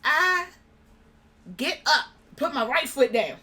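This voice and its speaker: A young adult woman speaks as an interview guest, telling her story with lively animation. Her voice is bright and forceful, and her pitch swings widely as she acts out the people she quotes. There is a faint hiss behind her. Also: slow.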